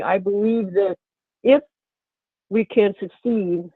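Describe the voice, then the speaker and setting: A woman with a cold and a creaky, hoarse voice, giving an emphatic, rallying prepared speech on a conference call. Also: medium pitch, dry recording. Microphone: telephone. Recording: narrow phone line.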